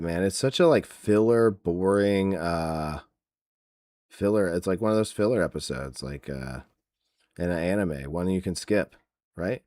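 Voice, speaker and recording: A man's voice: low voice, darkish tone, dry recording, clean studio sound. A man hosting a wrestling podcast, ranting sarcastically in casual chat with many fillers. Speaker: podcast host.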